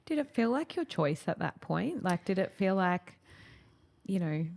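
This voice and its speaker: A woman hosting a podcast, interviewing her guest in a gentle, supportive way with frequent murmurs of agreement. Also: mid-range voice, sing-song, unhurried, vocal fry. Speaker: podcast host. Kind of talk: conversational interview.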